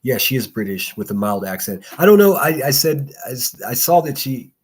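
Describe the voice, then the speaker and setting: A man's voice: medium pitch, expressive, moderate pace, husky. A man hosting a casual solo livestream, reading chat and giving blunt, profane, rambling commentary. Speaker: livestream host.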